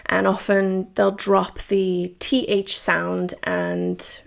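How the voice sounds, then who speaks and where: Welsh woman, English teacher, cheerful chatty delivery, gravelly voice. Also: medium pitch, little pitch movement, extremely slow. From Wales. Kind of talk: scripted lesson to camera.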